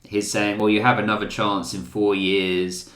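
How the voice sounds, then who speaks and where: A low-voiced male host who chats excitedly and jokes around. His voice rings in a roomy, echoey space. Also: moderate pace. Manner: excitable, jokey. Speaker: podcast host. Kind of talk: casual chat.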